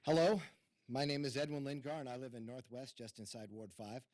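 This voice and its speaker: A man's voice: medium pitch, fairly quick, a little mellow. Plainspoken man at a council microphone. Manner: plainspoken, wry. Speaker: public commenter. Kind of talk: public comment. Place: city council chamber.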